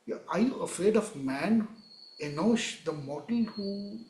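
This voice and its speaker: A man's voice: high-pitched, animated, a little slow, darkish tone, roomy sound. A man teaching a Torah class, emphatic, repeating words and moving between Hebrew verses and English.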